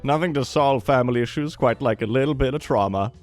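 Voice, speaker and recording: A man hosting a casual reaction show, commenting on posts with animated, amused asides. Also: mid-range voice, quick pace, faint music behind.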